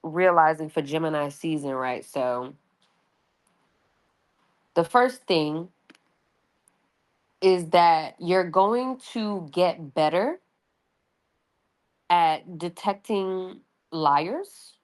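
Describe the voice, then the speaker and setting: Woman, New York accent, deep low voice, chatty, casual astrology talk. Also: drawn-out words, long pauses. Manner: chatty, loose, asks "right?" often. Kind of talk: casual spoken reading. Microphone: audio only, no video.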